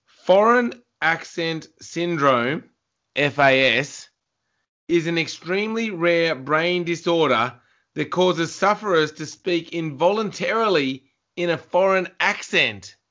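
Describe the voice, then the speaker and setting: A man's voice: a little high, animated, slow pace, pushed and bright. A man hosting a podcast in casual chat, reading out fun facts and teasing his co-host with a giggle. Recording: dull lo-fi sound.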